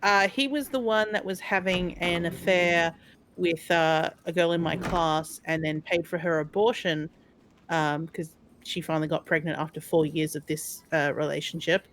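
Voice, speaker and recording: A woman's voice: fairly low pitch, steady tone, moderate pace, a bit bright, slight background noise. A woman streaming a retro game, chatting and telling rambling stories. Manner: rambling, chatty storytelling with fillers. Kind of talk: casual chat.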